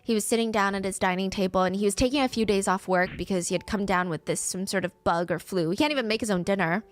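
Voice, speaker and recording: A woman narrating a scripted true-crime story in a brisk way, acting out the quoted speech as she goes. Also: mid-range voice.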